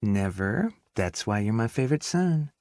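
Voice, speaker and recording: A man's voice: on the low side, very animated, a little mellow, dry recording, studio quality, voice pushed up. A man voicing a teasing, affectionate middle-aged mother with a Southern drawl. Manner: drawn-out, playful teasing.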